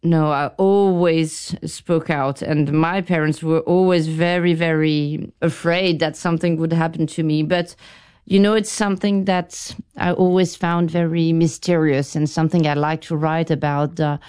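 Woman, middle-aged, smooth resonant voice, reflective interview guest. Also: deep voice, steady tone, darkish tone. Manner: thoughtful, halting, with restarts.

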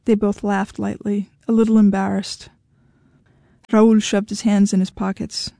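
Mellow-voiced woman reading her fiction. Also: medium pitch, little pitch movement, moderate pace, vocal fry, dry recording, studio quality. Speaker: author reading her story.

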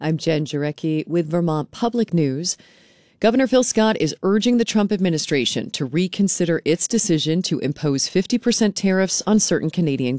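Female local radio newsreader, steady and clear, dry studio read. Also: fairly low pitch, no room sound. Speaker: local news host. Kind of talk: local newscast and station announcements.

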